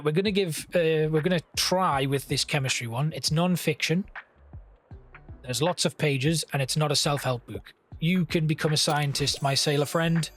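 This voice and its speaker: A man giving casual gameplay commentary, chatting and thinking aloud as he plays and reads game text. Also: on the high side.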